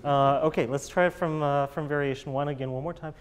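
A man's voice: a little high, fairly even intonation, quick pace, slight background noise. A man coaching a chamber group in a master class, encouraging and jokey, singing musical phrases to show the players how they should sound.

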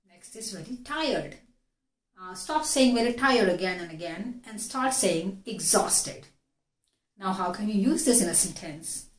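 A woman with an Indian English accent teaches an English vocabulary lesson, repeating each key word. Her voice sits at an ordinary middle pitch. The room around her gives a clear echo. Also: darkish tone. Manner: explains slowly, repeating key words. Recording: echoey room.

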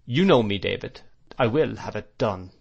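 A man's voice: fairly low pitch, animated, moderate pace, vocal fry, breathy edge, dull audio, full character voice. A man voicing a grave, domineering stepfather who speaks sternly.

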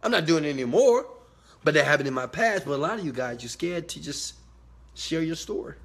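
A man giving a motivational talk to his viewers, emphatic and preachy, swinging from quiet asides to loud shouted bursts. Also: a little high, lively intonation, brisk, gravelly, slightly rough. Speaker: motivational speaker.

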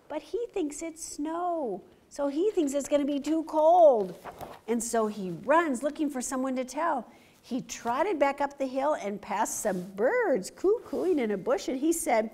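A woman reading a picture book aloud to children, animated and stopping to ask them questions. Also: high-pitched, measured pace. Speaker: story time reader.

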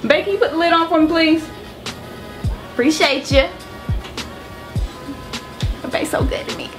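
Woman vlogger, slangy and playful, slow easy delivery, music bed behind. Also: extremely high pitch. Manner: slangy, playful, talks to her viewers. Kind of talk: casual vlog chat.

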